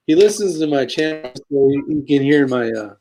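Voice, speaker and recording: A man hosting a casual live stream, laid-back and quick to laugh, reading viewer comments aloud. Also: medium pitch, lively intonation, mellow, a little hiss or hum. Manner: calls his own voice a sleepy DJ voice. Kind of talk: casual chat.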